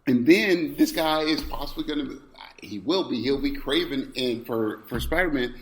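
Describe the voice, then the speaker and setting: A man guest-hosting a podcast in relaxed, casual chat. He talks in an animated way, stammering and repeating himself as he argues his point. He keeps it playful and teasing. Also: medium pitch, moderate pace. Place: indoors, recording in person with co-host.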